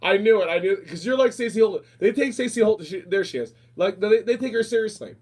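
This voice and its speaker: A man's voice: sits high, animated, fast, darkish tone, breathy edge. A man chatting casually and flamboyantly, repeating himself and calling people darling. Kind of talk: casual chat.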